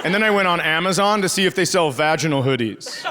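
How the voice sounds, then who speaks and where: On a comedy stage, a middle-aged man from rural Minnesota rattles off profane, sarcastic stories about his family in a slightly high, expressive voice. He talks fast, and the live recording is very noisy, with loud crowd laughter.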